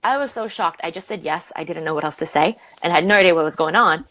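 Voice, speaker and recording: Woman, Romanian-born leadership coach, animated guest storyteller. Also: fast talker, rough recording. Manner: animated, acts out quoted voices with big pitch jumps. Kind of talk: conversational interview storytelling.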